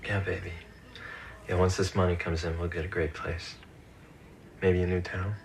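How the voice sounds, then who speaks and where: A wary low-voiced street informant. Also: male voice, little pitch movement, normal speed, creaky, a little hiss or hum. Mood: tender. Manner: guarded, streetwise, casual. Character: wary small-time male dealer turned informant. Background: film score music.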